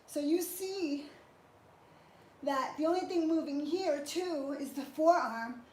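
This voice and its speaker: Slow and a little mellow, a high female voice belongs to a trainer chatting encouragingly through a live workout. She's exercising in an indoor space as she speaks. Faint noise and an echoey room come through on the recording.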